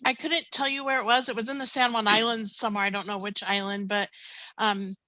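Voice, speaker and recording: Bright-voiced woman in her fifties telling stories. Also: medium pitch, fairly quick, dry recording, low-quality recording. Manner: animated anecdotes, laughing often, many ums. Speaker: panelist, canoe skipper. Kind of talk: casual storytelling on a panel.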